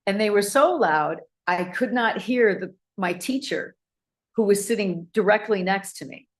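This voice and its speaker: A woman telling a personal anecdote to an audience, animated and acting out the people in it. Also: medium pitch, measured pace. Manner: animated, acts out voices in anecdotes. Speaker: speaker. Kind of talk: storytelling talk to an audience.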